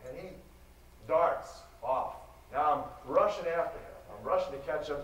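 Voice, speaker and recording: A man giving a live lecture, telling a story in an animated, dramatic way. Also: fairly high pitch, moderate pace. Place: lecture hall. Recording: echoey hall, distant mic, faint noise.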